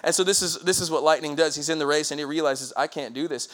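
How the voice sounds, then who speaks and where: A pastor preaching an energetic sermon, often calling out questions to the congregation. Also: male voice, a little high, quick pace. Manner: frequent restarts.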